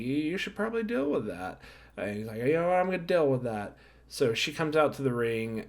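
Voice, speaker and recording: A man recapping a wrestling show in a casual, rambling way, correcting himself and tossing in jokey asides while handing out star ratings. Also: lowish voice.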